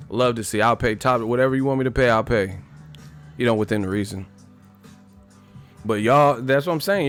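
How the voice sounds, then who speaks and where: Guy ranting live about boxing, blunt and sweary, repeats himself a lot, faint music in the back. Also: mid-range voice. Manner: blunt, repetitive, emphatic, profane. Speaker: boxing commentator. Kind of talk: live stream rant.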